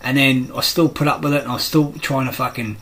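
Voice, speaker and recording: A man's voice: mid-range voice, fairly even intonation, quick pace, a bit bright, poor audio. A middle-aged Australian man in a rambling, profane monologue, blunt and aggrieved, swearing constantly.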